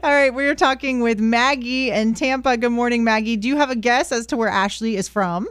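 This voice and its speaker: A woman's voice: fairly high pitch, brisk, a bit bright, smooth, dry recording, studio quality. A woman hosting a radio morning show, talking in a bubbly, enthusiastic way.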